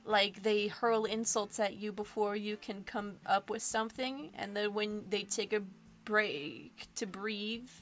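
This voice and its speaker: A woman's voice: mid-range voice, fairly even intonation, unhurried, fairly bright tone, soft background music. A woman streaming a game live, reading it aloud with goofy, rambling asides. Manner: goofy, rambling, self-joking.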